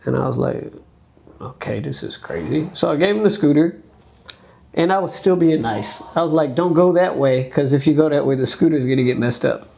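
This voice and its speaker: On a podcast, a young American dancer animatedly recounts a story, voicing quoted speech and leaning on fillers. His slightly high voice is creaky at a moderate pace, with a little hiss or hum in the audio.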